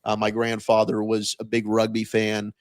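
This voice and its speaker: A man's voice: on the low side, completely flat delivery, normal speed, no room sound. An American man, a sports radio host, chatting casually as a podcast guest with lots of fillers and restarts. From United States. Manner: talkative, frequent restarts and fillers.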